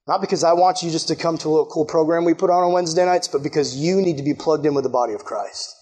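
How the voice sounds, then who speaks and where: Excitable high-voiced young preacher man. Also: quick pace, few pauses, breathy edge. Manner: energetic, excitable, acts out quoted voices. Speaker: youth pastor. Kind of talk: sermon.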